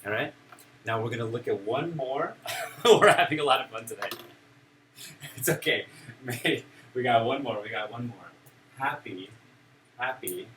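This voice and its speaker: A man's voice: medium pitch, normal speed, pauses often, fairly bright tone. A male teacher leading a classroom of young children, playful and encouraging as he acts out emotions. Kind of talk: classroom teaching of simple English. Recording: distant mic with room noise.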